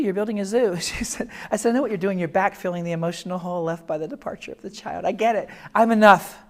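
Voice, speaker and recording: Animated older-sounding man telling funny stories. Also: high voice, creaky. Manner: animated storyteller, lively jokes, acts out voices. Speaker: speaker. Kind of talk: humorous personal talk. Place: classroom or lecture room.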